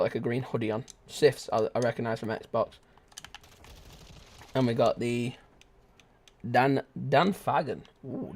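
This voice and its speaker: A young man giving lively, joking live commentary as he streams a shooter game and chats with his viewers. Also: mid-range voice. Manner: excitable, shouts and laughs at the game; joking banter with chat. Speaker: gaming streamer.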